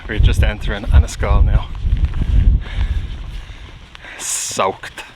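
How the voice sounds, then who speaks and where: Irish man, casual hiking vlog, rambling, fairly deep, loud wind noise outdoors. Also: fairly even intonation, normal speed. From Ireland. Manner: chatty, loose and rambling. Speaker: vlogger hiking. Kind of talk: casual on-the-go commentary. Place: outdoors on hills and a beach in wind and rain.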